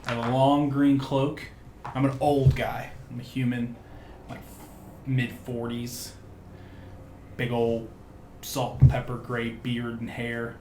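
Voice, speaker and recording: A man's voice: medium pitch, flat delivery, takes it slowly, pauses often, a little mellow. A man talks loosely as a tabletop game player, rambling and leaning on fillers. His voice rings in a roomy space, with a faint hiss underneath. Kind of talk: casual tabletop game chat. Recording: echoey room with faint noise.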